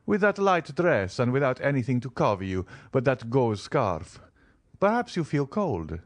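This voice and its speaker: A man's voice: medium pitch, very animated, moderate pace, no echo, pitched above the performer's own voice, natural voice. A man reading the part of a reserved, formal nobleman in an audiobook, cool and restrained. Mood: courteous. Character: reserved, guarded nobleman, middle-aged.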